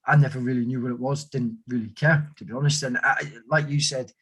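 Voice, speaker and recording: A man's voice: mid-range voice, fairly even intonation, fairly quick, fairly bright tone, husky, rough recording. A man, an army veteran, telling rambling stories in a casual conversation and acting out the voices of the people he quotes. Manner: rambling storyteller who acts out quoted voices.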